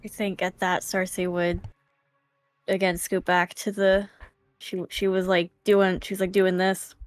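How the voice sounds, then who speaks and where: A woman's voice: lowish voice, dry recording. A woman playing in a tabletop game, blunt and swearing casually. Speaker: player.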